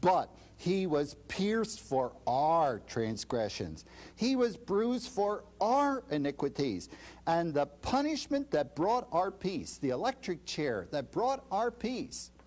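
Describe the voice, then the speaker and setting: A man with a high, very lively voice explains a scripture passage as an interview guest. He talks emphatically and dramatizes the voices of the people he quotes. His pitch swings widely from phrase to phrase. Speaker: Bible scholar guest. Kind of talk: expository interview answer.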